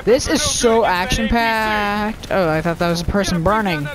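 A man hosting a gaming channel, giving excitable, rambling, silly commentary while he plays. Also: sits high, normal speed. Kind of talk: let's play commentary.

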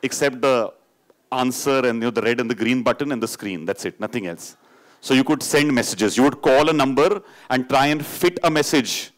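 A middle-aged man from India with an Indian English accent, telling a personal story live on stage, moving from animated, playful telling into hushed, grave narration. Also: mid-range voice, moderate pace. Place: stage before an audience.

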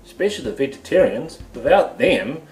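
A man's voice: mid-range voice, big pitch swings, fairly quick, a little mellow, echoey room, faint music behind. A man with a New Zealand accent hosting a goofy comedic cooking show from his home kitchen, full of playful sing-song exclamations.

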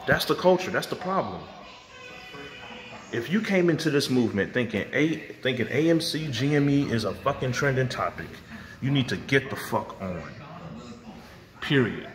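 A man's voice: medium pitch, animated, normal speed, pauses often, a crowd in the background. A man ranting hotly to camera as a vlogger, profane and confrontational, now and then mocking others in put-on voices. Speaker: vlogger and music producer.

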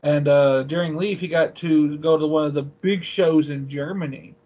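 A man with a somewhat high voice speaks as a guest in a casual interview. He tells laid-back stories that wander and ramble as he goes. The call audio sounds dull and lo-fi. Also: steady tone, normal speed, darkish tone.

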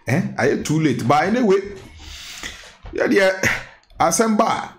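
A man's voice: high voice, big pitch swings, unhurried, roomy sound. A man with a Ghanaian accent giving chatty, exclamatory entertainment gossip commentary, mixing the local language with pidgin.

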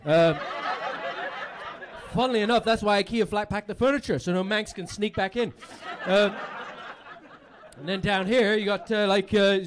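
A man doing stand-up crowd work on a comedy club stage, rowdy and sweary, building up to shouts. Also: high voice.

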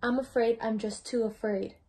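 A woman's voice: fairly high pitch, steady tone, moderate pace, mellow, close to an everyday voice. A teenage girl reading the lines of a small, nervous male piglet who stammers, in a children's storybook. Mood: timid. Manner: timid, stammering.

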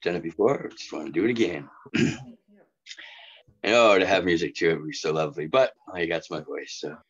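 A man's voice: deep voice, brisk, breathy edge. A man at an online open mic reciting his own short poem in a plain, earnest way, joking modestly about his effort. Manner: plain, earnest, self-deprecating between verses. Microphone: video call. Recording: muffled lo-fi video call audio.

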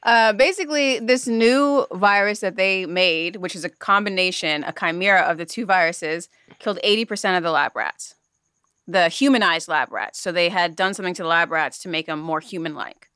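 Woman podcast co-host who explains the news. Smooth, lower voice, recorded close and dry. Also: moderate pace, bright, forceful tone, dry recording. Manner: earnest explainer, laughs easily. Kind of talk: casual chat, explaining news.

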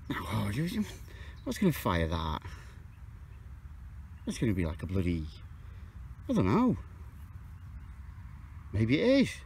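A chatty man narrates his metal detecting from an open field. His pitch swings widely and leaps up when he gets excited. Faint outdoor noise sits behind him. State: out of breath. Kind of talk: casual outdoor commentary to camera.

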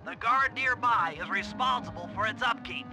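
A man's voice: very high voice, normal speed. An actor voicing a brainy, fussy male turtle tech genius who explains plans patiently step by step, in a video game. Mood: instructing. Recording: game audio over music. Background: game music.

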